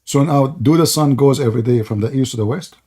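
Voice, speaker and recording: A man's voice: medium pitch, quick pace, mellow, husky. A man hosting a live online debate, mocking and sarcastic, laughing often and saying he is losing his voice. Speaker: debate host.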